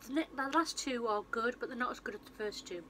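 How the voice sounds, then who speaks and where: A woman's voice: a little high, fast, sharp tone, a little hiss or hum, low-quality recording. A woman chatting on her vlog, rambling through a film plot with lots of fillers and restarts, recorded on a phone. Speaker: vlogger and film reviewer. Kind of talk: casual retelling of a film plot.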